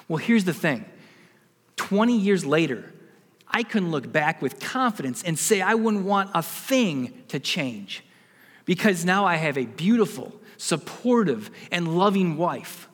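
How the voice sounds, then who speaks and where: A man's voice: sits high, big pitch swings, measured pace, fairly bright tone, in a large hall. A man in his forties, a pastor giving a sermon, telling a personal story and building to emphatic preaching.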